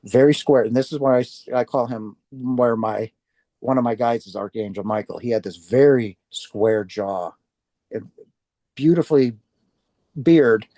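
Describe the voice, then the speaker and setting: A man recounts his near-death experience to an audience in a mellow, warm voice. He tells it earnestly and acts out his own reactions along the way. The sound is close and dry, with no room around it. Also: mid-range voice, unhurried, no room sound. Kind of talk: personal testimony talk to an audience.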